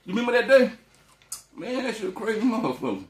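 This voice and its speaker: A man's voice: high-pitched, very animated, fast. A man vlogging as he eats, telling loose, profane stories in a casual, rambling way. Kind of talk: casual storytelling while eating on camera. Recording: echoey room.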